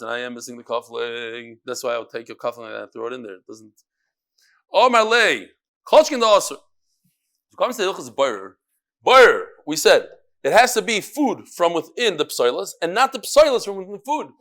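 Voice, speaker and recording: A high, bright-voiced man leads a daily Talmud class. He reads the text out at speed and breaks off into playful, joking asides to his listeners. His delivery stays animated and conversational throughout. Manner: lively, joking asides mixed with fast Talmud reading. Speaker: Talmud teacher.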